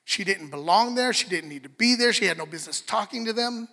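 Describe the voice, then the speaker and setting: A man preaching a sermon, animated, acting out the story in different voices. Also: high-pitched, fairly quick, creaky. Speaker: pastor. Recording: long reverb of a large hall.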